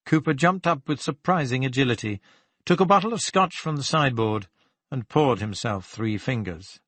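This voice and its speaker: A male audiobook narrator with a mid-range voice reads a crime story in an even, measured way. The sound is close and dry, with no room around it. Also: mid-range voice, no room sound. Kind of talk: scripted narration of a crime novel.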